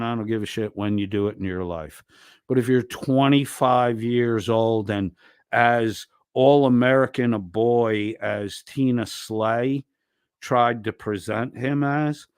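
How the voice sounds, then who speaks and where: An angry man rants and curses through a heated livestream argument. His voice sits low and sounds dry and close, with no room around it. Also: smooth, no echo. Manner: angry, profane ranting. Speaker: streamer.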